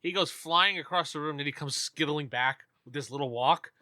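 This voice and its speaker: Male game master, bright tone, close dry mic, relaxed hesitant narration. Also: on the high side, normal speed, no echo.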